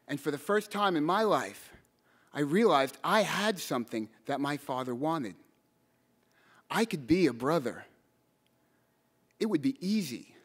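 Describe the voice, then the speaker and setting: A man with a fairly high, expressive voice tells a story from his own life before a live audience. His delivery is sincere and stumbling, full of repeated words, and he yells out the lines he once said.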